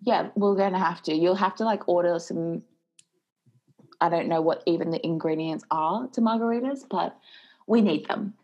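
A woman's voice: lowish voice, moderate pace, a little mellow, lo-fi sound. A woman co-hosting a casual chat, playful and teasing, laughing often. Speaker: podcast co-host.

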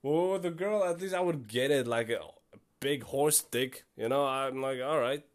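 A man's voice: mid-range voice, moderate pace. A young man hosting a casual solo podcast, rambling and self-deprecating with many fillers. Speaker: podcast host.

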